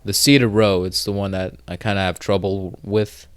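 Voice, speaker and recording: In a casual solo monologue, a podcast host tells a rambling, profane story full of fillers and false starts. His fairly low voice is smooth and flat, at a moderate pace, with no echo.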